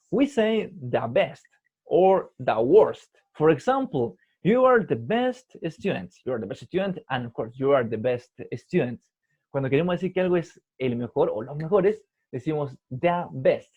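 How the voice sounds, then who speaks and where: A male English teacher recording a slideshow lesson for his students. He switches between English and Spanish and explains patiently, slowing down to stress key words. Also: fairly high pitch. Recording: tinny phone-like voice-over.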